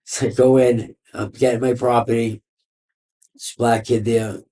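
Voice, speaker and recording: A man's voice: mid-range voice, flat delivery, a little slow, dark tone. A man, a podcast guest telling his story in a rambling, profane way, full of "like" and "you know.". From Boston area. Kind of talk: casual interview storytelling.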